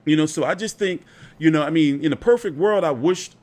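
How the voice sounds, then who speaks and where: A man's voice: a little high, brisk, darkish tone. A man hosting a boxing channel, talking through fight news in a loose, chatty way, swearing freely and filling with "like" and "you know.". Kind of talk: casual fight commentary.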